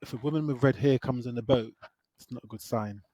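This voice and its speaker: A relaxed British man co-hosting a film podcast, talking in a mid-range voice with a loose, slangy delivery. He retells plots with plenty of asides. The recording is dry and close, with no room sound. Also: mid-range voice, brisk, dry recording. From United Kingdom. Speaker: podcast co-host. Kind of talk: casual film review chat.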